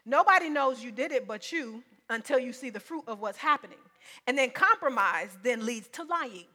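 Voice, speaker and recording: A woman's voice: a little high, lively intonation, moderate pace, sharp tone. A woman preacher giving a sermon in an emphatic, conversational way, often repeating her points.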